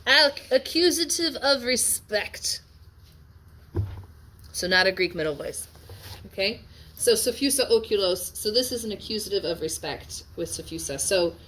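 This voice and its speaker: A woman teaching a Latin class, chatty and lively, checking in often with her students and sounding a bit tired. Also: medium pitch. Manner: lively, chatty, asks frequent check-in questions. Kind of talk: classroom lecture on a Latin text.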